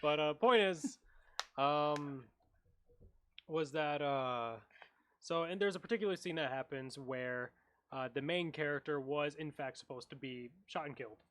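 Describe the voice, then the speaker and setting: A man co-hosting a casual panel discussion, rambling and halting with lots of fillers. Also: fairly high pitch, fairly bright tone. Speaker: podcast co-host.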